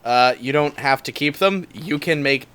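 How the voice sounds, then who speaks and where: A man's voice: a little high, moderate pace, a bit bright, smooth. A man in a casual podcast chat, playful and wry, trading jokes with his co-hosts. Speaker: vocalist and co-host.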